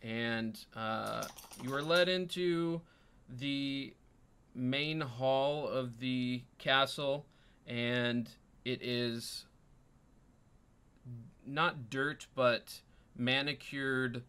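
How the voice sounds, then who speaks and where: A man narrating as dungeon master in an unhurried way, pausing often with ums. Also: mid-range voice, sharp tone, clean tone. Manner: unhurried, many ums and pauses. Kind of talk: narrating a tabletop game.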